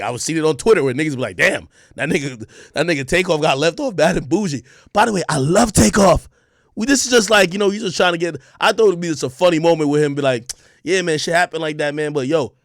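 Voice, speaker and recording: A man tells a story to his stream viewers in a high, animated voice that leaps up and down in pitch. He curses freely and bursts into shouts when he reenacts moments. The sound is dry and close to the mic. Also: no echo.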